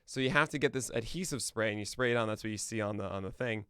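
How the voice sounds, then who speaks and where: A man's voice: fairly low pitch, fast talker, bright, forceful tone, clear, resonant tone, no echo, studio quality. A man hosting a podcast livestream, chatting casually and thinking aloud with mumbled asides while he checks notes. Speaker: podcast host. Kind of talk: casual livestream chat before a show.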